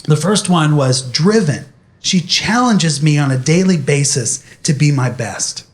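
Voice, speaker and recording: Animated young man telling a story. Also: on the high side, a little slow. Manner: animated, addressing an audience. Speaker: speaker. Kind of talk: motivational storytelling talk.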